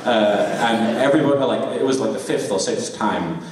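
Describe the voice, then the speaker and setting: A man with a fairly low voice, speaking at a moderate pace, shares laughing, chatty, self-deprecating stories as a voice actor on a convention panel. The large hall holds an audience, and the sound is echoey, far off, and noisy.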